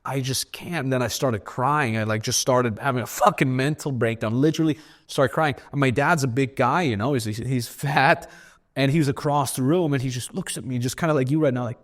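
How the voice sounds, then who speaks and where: A man's voice: mid-range voice, fairly quick. A man speaking as a guest on a podcast. He tells stories candidly in a blunt, profane way and often repeats words as he goes. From Austria. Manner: blunt and profane, with frequent repetitions. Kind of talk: candid storytelling in podcast conversation.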